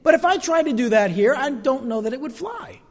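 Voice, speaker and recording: A very high-pitched man with lively intonation and a slightly fast pace preaches as pastor in a church sanctuary. Long hall reverb surrounds his emphatic delivery as he draws out key phrases and calls for amens.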